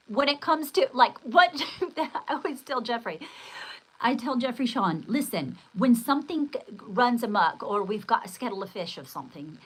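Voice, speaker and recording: An older woman with a mid-range voice hosts a casual livestream, rambling excitedly from one story to another and pausing to read viewer comments aloud. The recording is rough.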